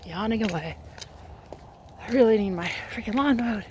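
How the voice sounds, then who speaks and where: Woman vlogger talking to a phone on a morning walk, loose and rambling, clear outdoor background noise. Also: mid-range voice, moderate pace, a little mellow. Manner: chatty and rambling, many "like" fillers. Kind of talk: casual chat while walking her dog. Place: outdoors at sunrise.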